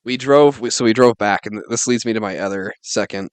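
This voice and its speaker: Telling a meandering story among friends on the podcast he co-hosts, this twenty-something man says "like" in almost every phrase. He talks briskly with a fairly low, clean-toned voice and no room sound.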